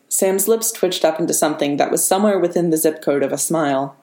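A woman narrating a story as an audiobook in a steady, measured reading. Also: sits low. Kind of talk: audiobook narration of fan fiction. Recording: roomy reverberant room.

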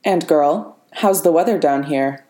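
A woman voicing a smug, gloating male official who speaks slowly and evenly. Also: low voice, warm tone. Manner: smug, unhurried.

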